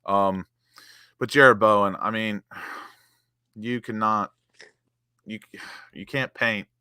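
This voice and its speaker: A man's voice: lowish voice, steady tone, slow, pushed and bright, smooth, no room sound, clean studio sound. A man, co-hosting a casual football fan chat, passionate and quoting stats as he rates players. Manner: passionate, emotional, quotes stats. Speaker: co-host rating players.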